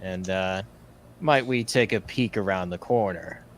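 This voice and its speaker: A man's voice: sits low, a little slow, a little hiss or hum, voice pushed down. A man voicing a mocking male cyborg gang leader with a chainsaw hand, in a theatrical, taunting way. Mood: sly.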